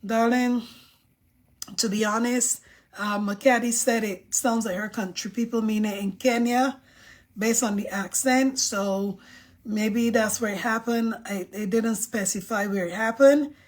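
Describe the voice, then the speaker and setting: A woman's voice: on the high side, steady tone, unhurried. A woman hosting a casual live stream, reading viewer comments aloud and giving her emphatic, outspoken opinions.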